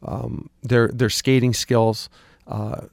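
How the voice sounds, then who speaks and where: A man's voice: medium pitch, little pitch movement, takes it slowly, vocal fry, a little mellow, no room sound, studio quality. A man coaching hockey, answering questions in a casual interview, rambling with lots of restarts and fillers, his voice a little worn. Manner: rambling, repeats words, frequent ums. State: slightly lost voice.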